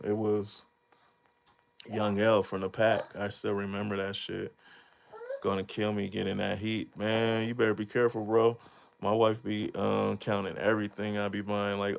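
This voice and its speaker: A man in his thirties with a lowish, gravelly voice chats casually on a live stream about making beats. This beatmaker streamer rambles in a laid-back, slangy way and laughs often.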